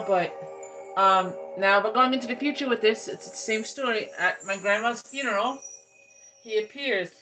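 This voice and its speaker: A woman's voice: mid-range voice, rough recording. A woman host telling a story in a casual, rambling way, full of restarts and filler words. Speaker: ASMR channel host. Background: background music.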